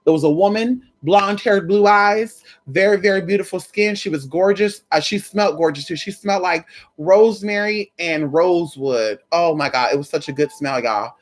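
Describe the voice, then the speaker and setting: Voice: medium pitch, normal speed. A spiritual content creator in casual, profane chat, telling stories straight to viewers with frequent "girl", "honey" and "y'all".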